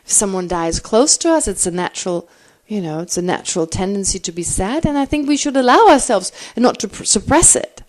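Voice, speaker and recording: Animated woman teaching, lively pitch. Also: a little fast. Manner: animated, thinks aloud with restarts. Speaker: Buddhist teacher. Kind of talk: answering questions in a teaching.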